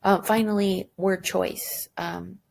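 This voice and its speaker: A woman's voice: medium pitch, steady tone, slow, creaky, a little mellow. A woman teacher giving a recorded lesson, chatty and self-deprecating, thinking aloud as she goes.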